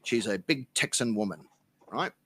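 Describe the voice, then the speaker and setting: A man's voice: lowish voice, lively intonation, normal speed, creaky, bright, forceful tone, breathy edge. An Australian man, a podcast guest, telling a rambling, profane anecdote in casual chat. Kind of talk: casual storytelling.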